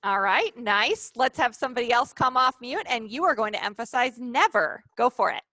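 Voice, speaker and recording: A woman's voice: a little high, expressive, moderate pace, bright, forceful tone, no room sound. A woman leading a live online training session over a video call, upbeat and coaxing the participants.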